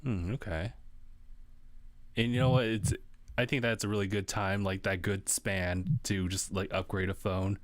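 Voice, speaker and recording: An easygoing young man hosting a podcast, chatting casually and tossing in short hums and quips. His voice sits a little low. He comes through a home mic on an online call, dry and close. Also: fairly even intonation, a little slow, no echo. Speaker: podcast host. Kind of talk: casual chat.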